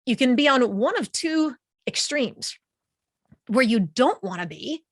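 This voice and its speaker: A woman giving an online webinar presentation in a lively, conversational way, speaking close to a studio microphone. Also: sits high, measured pace, no echo.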